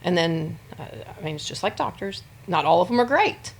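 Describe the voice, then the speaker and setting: Woman doc on a podcast, lowish voice with lots of fry, just chatting openly, tons of "you know"s. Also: lively intonation, brisk, slight background noise. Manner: candid, chatty storyteller, full of "you know" and "I mean". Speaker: OBGYN physician guest. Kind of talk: casual interview conversation.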